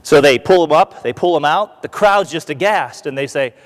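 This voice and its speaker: An American man giving a conference talk as a keynote speaker, an animated storyteller who acts out what the crowd shouts. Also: a little high, moderate pace, big-room sound. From United States. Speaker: keynote speaker, retired army colonel. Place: large conference hall.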